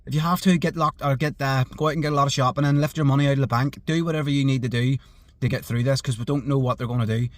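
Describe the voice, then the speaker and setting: A man's voice: mid-range voice, steady tone, rapid-fire, dry recording. A man making an earnest, urgent appeal to his viewers, pleading with frequent fillers. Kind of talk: earnest social media appeal.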